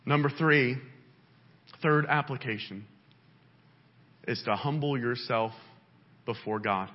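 A male pastor delivering a sermon in a church, with an impassioned delivery that swings up and down in pitch. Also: slow pace. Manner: impassioned, pitch rising and falling widely. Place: church sanctuary. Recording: dull lo-fi sound.

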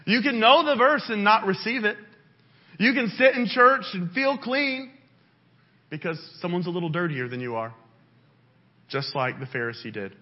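A male pastor delivering a sermon in a church, with an impassioned delivery that swings up and down in pitch. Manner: impassioned, pitch rising and falling widely. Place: church sanctuary. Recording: dull lo-fi sound.

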